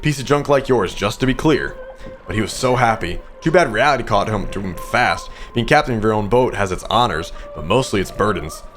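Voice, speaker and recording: A man's voice: lowish voice, animated, a little fast, fairly bright tone, soft background music. A man voicing a smug, scornful male sea creature, reading game dialogue aloud in a mocking, condescending way. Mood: storytelling.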